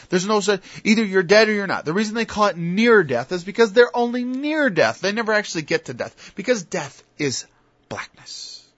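A man with a slightly raised pitch preaches in a loose, rambling way. He stops and restarts, then pushes up to emphatic peaks. The recording is dull and lo-fi, with a dry, close sound. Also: fairly bright tone, no room sound. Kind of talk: informal Bible-study sermon.

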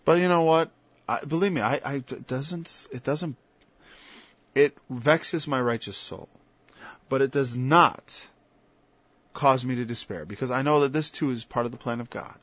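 In a dull, lo-fi, dry recording with no room sound, a man preaches an informal Bible-study sermon in a fairly bright, mid-range voice. He speaks a little slowly with long pauses, chatting conversationally, stopping and restarting, then rising to emphatic peaks.

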